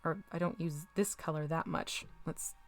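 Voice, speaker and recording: A woman's voice: sits low, fairly even intonation, normal speed, soft background music. A woman chatting casually with her live-stream audience while she paints miniatures, laughing often and sometimes drifting away from the mic.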